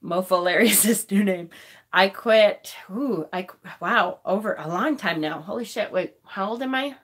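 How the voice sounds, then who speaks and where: Through a phone mic, a fortysomething woman cries during a casual live-stream chat, her voice mid-range and her speed normal. Between the tears she often laughs and curses.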